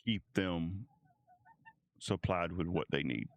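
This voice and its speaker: A man running a tabletop role-playing game as game master, narrating in a measured, descriptive way. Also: low voice, no room sound, muffled recording.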